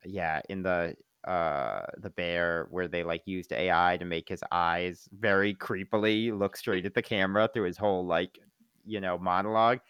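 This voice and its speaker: A man's voice: low voice, fairly even intonation, moderate pace, fairly bright tone, clear, resonant tone, no room sound, lo-fi sound. Rambling man chatting with friends. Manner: rambling, full of fillers and restarts. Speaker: podcast co-host. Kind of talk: casual chat.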